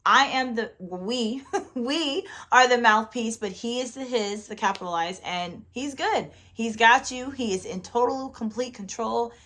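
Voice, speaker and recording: A woman's voice: a little high, measured pace, pushed and bright. A woman co-hosting a faith-based podcast with her husband, talking in an earnest, encouraging way about relationships. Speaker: podcast co-host. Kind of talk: faith-based casual chat.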